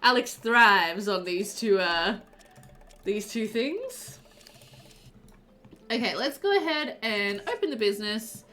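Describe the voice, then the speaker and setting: A woman's voice: medium pitch, expressive, slow pace, pauses often, bright, forceful tone, a little hiss or hum. A woman game streamer chatting casually with her live chat while playing, giggly and talkative.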